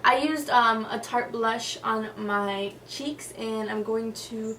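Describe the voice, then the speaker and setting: Young woman vlogger, higher voice, casual and swearing, a bit off-mic in a faintly noisy room. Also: slow, a bit bright, recorded from a distance. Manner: chatty, profane, lots of "like" and "y'all". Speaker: beauty vlogger. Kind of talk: casual storytelling during a makeup tutorial. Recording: voice a little off-mic with faint noise.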